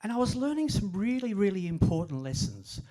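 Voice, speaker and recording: An older man speaks at a library event, spinning humorous stories at his own expense. His voice sits slightly higher than most men's. He keeps an easy storytelling tone. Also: very animated, brisk, mellow. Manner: self-deprecating humorous storyteller. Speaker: author giving a talk. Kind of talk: storytelling presentation.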